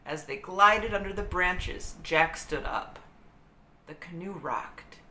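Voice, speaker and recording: Slow, expressive woman reading a story aloud. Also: on the low side. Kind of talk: children's book read-aloud. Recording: roomy echo with faint hiss.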